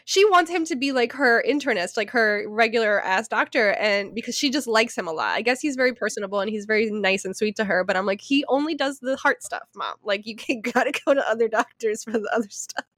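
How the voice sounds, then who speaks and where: A woman in her thirties co-hosting a podcast, telling a story in casual chat, animated, swearing freely, often laughing. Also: on the high side, fairly quick, few pauses, no echo, studio quality. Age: 30s. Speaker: podcast co-host.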